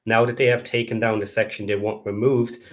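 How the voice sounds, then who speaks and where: A man's voice: fairly low pitch, level tone, a little fast. A man on a podcast panel explaining things in a plain, matter-of-fact way. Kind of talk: casual podcast chat.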